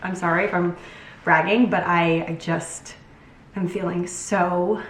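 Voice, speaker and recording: A woman's voice: on the low side, fairly even intonation, a little slow, echoey room, recorded from a distance, a little hiss or hum, poor audio. A young woman vlogging casually from her home kitchen, bubbly and chatty, joking as she cooks. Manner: bubbly and chatty, jokes while cooking. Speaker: lifestyle vlogger. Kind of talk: casual vlog chat.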